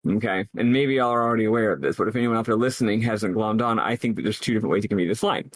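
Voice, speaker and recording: A man's voice: on the low side, fast talker, no echo. Earnest rambling man, dry close sound. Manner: earnest, analytical, rambling with restarts. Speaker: podcast co-host. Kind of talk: casual game discussion.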